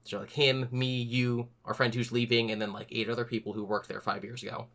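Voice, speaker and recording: A young man hosting a podcast, telling a story in a casual, animated way and acting out other people's lines. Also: medium pitch, fairly quick. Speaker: podcast host.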